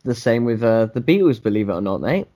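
A man co-hosts a relaxed podcast at a middle pitch. He laughs easily and teases his co-host in an easygoing way. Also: fast, dull audio. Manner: laughs often, teasing, easygoing. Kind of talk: casual chat.

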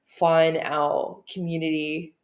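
A woman from Australia co-hosting a podcast, talking in a reflective, earnest way with soft laughs. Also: low-pitched, little pitch movement, slow. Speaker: podcast co-host. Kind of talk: casual chat. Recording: echoey room.

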